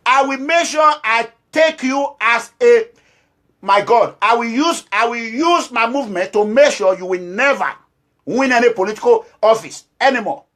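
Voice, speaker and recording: An activist leader from Edo State, Nigeria, with a Nigerian accent, gives a fiery political talk, alternately berating and begging his audience and hammering points with short repeated phrases. His voice is unusually high and piercing, slightly bright, at a moderate pace.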